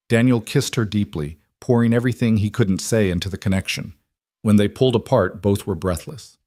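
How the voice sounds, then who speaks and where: Guy narrating a family story, lowish voice, dry close sound, unhurried. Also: darkish tone, no room sound.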